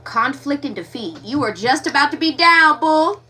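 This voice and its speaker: A woman with a bright, forceful, fairly high voice hosting a live tarot reading. She talks frankly and with animation straight to her viewers. She sits a little back from the mic. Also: expressive, moderate pace, few pauses, recorded from a distance, slight background noise. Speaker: tarot reader.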